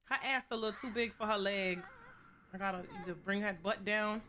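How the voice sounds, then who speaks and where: A woman's voice: medium pitch, fairly quick, bright, forceful tone, a little hiss or hum. A young woman streaming a life-sim game, joking with her chat in a playful, slangy, casual way. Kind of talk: casual gameplay commentary.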